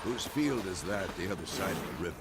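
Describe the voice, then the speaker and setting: An actor playing a grizzled old male witcher mentor in a video game, with a gravelly voice and a dry, teasing, matter-of-fact way of talking. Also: sits low, very animated, brisk, heavy background noise.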